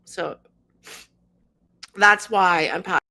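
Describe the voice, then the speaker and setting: A woman's voice: lowish voice, drawn-out words, sharp tone. A woman in her fifties, a channel host, speaking in an emotional monologue, ranting with passion and fighting back tears. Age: 50s.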